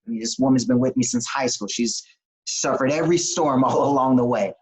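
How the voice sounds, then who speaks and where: Animated plain-spoken man telling stories. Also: medium pitch, creaky, low-quality recording. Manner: animated, plain-spoken, repeats words in quick restarts. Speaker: interview guest, business coach. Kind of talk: motivational storytelling.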